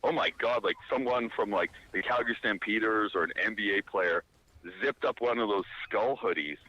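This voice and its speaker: A man's voice: lowish voice, no room sound, muffled recording. Rambling man telling a story. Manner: animated, rambling with many fillers and restarts. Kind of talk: casual anecdote.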